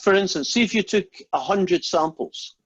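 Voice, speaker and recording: A man's voice: high-pitched, moderate pace. A male lecturer talking informally to his class over a video call, rambling and joking between explanations. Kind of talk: online lecture with jokes and Q&A. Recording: husky voice, dull lo-fi audio.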